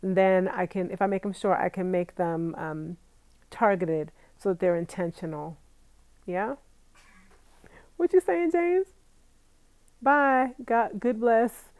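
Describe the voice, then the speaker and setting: Woman vlogger, young adult, chatty and laughing, middle-pitched voice, dry close sound. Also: animated, slow pace, pauses often, darkish tone, no room sound. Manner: chatty, laughs often, talks straight to viewers. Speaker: vlogger reading live chat comments. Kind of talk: casual live-stream chat.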